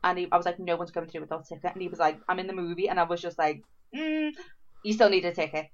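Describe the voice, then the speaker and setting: A woman's voice: lowish voice, fast talker, highs cut off. A woman co-hosting a casual podcast chat, swearing freely and acting out what people said. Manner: animated storyteller, swears freely, acts out quotes. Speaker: podcast co-host.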